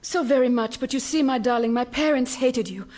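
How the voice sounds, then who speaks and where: An actress playing a Swedish woman reunited with an old love, speaking in a breathy, melodramatic way that keeps rambling off track. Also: fairly high pitch, fairly quick, darkish tone, natural voice. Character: Swedish woman, a man's long-lost love. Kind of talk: radio sitcom acting.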